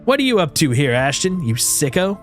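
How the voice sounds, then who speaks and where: A man voicing a fierce, hot-tempered armored woman fighter who shouts threats in a video game. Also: a little high, sing-song, normal speed, soft background music, pitched above the performer's own voice. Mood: furious.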